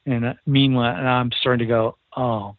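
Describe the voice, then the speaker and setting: A man's voice: medium pitch, flat delivery, fast, dry recording. A man, a recording engineer, telling a studio anecdote in an interview and acting out the quoted dialogue. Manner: earnest storyteller who acts out quoted dialogue. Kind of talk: storytelling in an interview. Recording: tinny phone line, dry.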